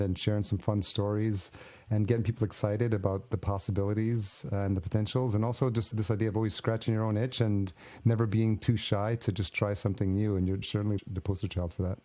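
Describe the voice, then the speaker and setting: A man hosts a podcast in a low, mellow voice. He asks long, rambling questions in a relaxed way and thanks his guest at length. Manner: warm, rambling, appreciative questions. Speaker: podcast host. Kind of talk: casual interview.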